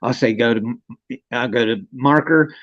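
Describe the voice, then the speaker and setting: A man's voice: mid-range voice, normal speed, fairly bright tone, highs cut off. A man chatting casually on a live stream, rambling and swearing, often breaking into laughter. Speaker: co-host.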